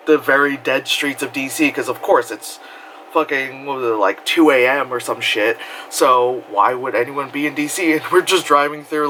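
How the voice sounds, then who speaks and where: A man with a New York accent telling a casual, animated, profane story on his vlog, often laughing. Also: medium pitch, slight background noise, poor audio. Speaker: vlogger.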